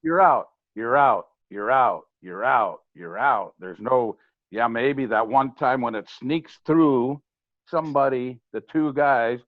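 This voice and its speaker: A man's voice: medium pitch, takes it slowly, dry recording. Older man explaining emphatically, lo-fi. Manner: emphatic, matter-of-fact explaining. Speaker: guest, former ballplayer and hitting coach. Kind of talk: casual podcast conversation. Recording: slightly dull, lo-fi sound.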